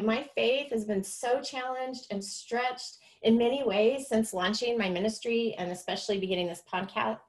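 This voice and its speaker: A woman hosts her own podcast and tells her story of faith. She speaks in an earnest, confessional way, as if opening up to listeners. Her voice sits in a middle pitch. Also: husky. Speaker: podcast host. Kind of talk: personal faith testimony podcast.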